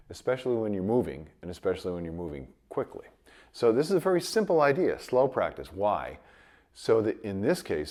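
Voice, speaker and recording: A man teaching trumpet in a casual video lesson, his voice a bit rough from a cold, explaining with light chuckles. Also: lowish voice. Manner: relaxed explaining with light chuckles, sings sample tones.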